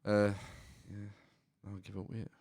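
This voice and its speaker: A man's voice: fairly low pitch, monotone, normal speed, creaky, a little mellow. A man, co-hosting a podcast and telling stories in laid-back, casual banter. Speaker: podcast co-host.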